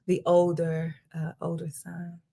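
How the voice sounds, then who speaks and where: A woman's voice: lowish voice, monotone, measured pace, vocal fry, dark tone. A woman reverend and host preaching conversationally on a Bible passage, emphatic and colloquial, firing off rhetorical questions. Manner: colloquial, with repeated restarts.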